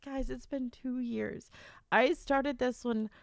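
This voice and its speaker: A woman streamer talks in a high, smooth, clear voice, emotional and close to tears. She rambles and restarts her sentences while chatting to her viewers. The sound is dry and close. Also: steady tone, slow pace, no room sound. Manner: emotional, tearful, giddy rambling; stammering restarts. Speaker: author and streamer. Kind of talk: casual livestream chat.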